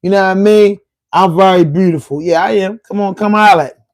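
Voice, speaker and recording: A man with a Baltimore accent hosts a casual live stream, his voice sitting high for a man. He rattles off rhyming insults at trolls in a loose, streetwise way. The sound is dry and close, with little room around it. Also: quick pace, no echo. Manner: trash-talking, rhyming insults. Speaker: podcast host.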